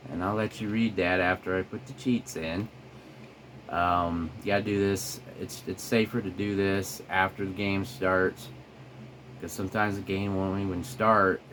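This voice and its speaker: A man with a cold talking through a retro game, halting and rambling with many ums and restarts. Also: low-pitched, steady tone, fairly bright tone, slight background noise. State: has a cold. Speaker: gameplay commentator. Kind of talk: casual game commentary. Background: retro game music.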